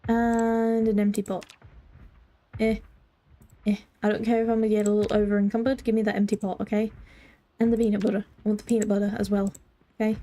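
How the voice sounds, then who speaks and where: In a slightly high, mellow voice with flat, brisk delivery, a woman comments on her live game stream. She talks to her chat playfully, using mock-formal phrasing as she plays.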